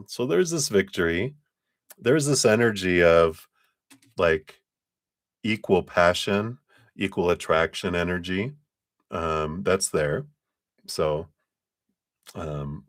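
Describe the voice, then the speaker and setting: A man's voice: deep voice, dry recording, clean studio sound. A man doing a casual live tarot reading, chatty and loose in his phrasing, often breaking into laughter. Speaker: tarot reader on a live stream.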